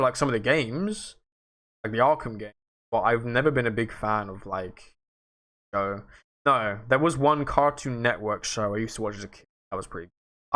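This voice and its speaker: Young dude rambling on his stream, casual and self-deprecating, kinda sweary, normal pitched voice. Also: bright, forceful tone. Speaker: livestream host. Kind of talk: casual livestream chat, answering viewers.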